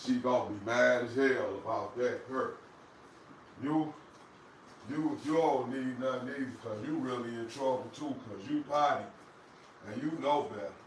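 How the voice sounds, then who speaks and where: A man, vlogging and scolding his dog in an animated, repetitive way. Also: medium pitch, normal speed, heavy reverb, far from the mic, slight background noise, poor audio. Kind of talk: casual vlog talk to camera and dogs.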